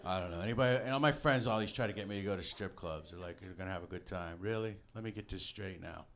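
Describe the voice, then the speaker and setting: A man's voice: on the low side, quick pace, a bit bright. A man doing a stand-up comedy routine on a club stage, talking casually and acting out the people in his stories. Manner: conversational, acts out quoted people. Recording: live club with crowd laughter. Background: audience laughter.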